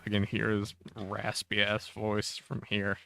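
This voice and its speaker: A man's voice: fairly low pitch, completely flat delivery, slow pace, gravelly, bright, forceful tone, smooth, dry recording, clean studio sound. A man answering trivia on a casual podcast, laid-back and swearing casually. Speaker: podcast co-host answering quiz questions. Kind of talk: casual chat.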